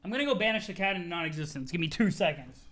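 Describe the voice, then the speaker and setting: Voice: medium pitch, rapid-fire, a little hiss or hum. Streamer enthousiaste et bavard. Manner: excitable, chatty, swearing often. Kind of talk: casual live-stream reading commentary.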